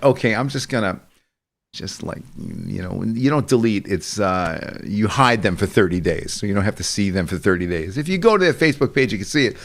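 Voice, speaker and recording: A man hosting a show, telling rambling stories in casual chat and laughing often. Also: low-pitched. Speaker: show host.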